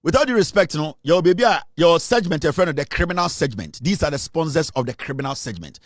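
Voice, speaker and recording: A man's voice: a little high, animated, fast talker, no room sound, clean studio sound. A Ghanaian man hosting comic political commentary, mixing English with Twi and laughing often. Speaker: show host.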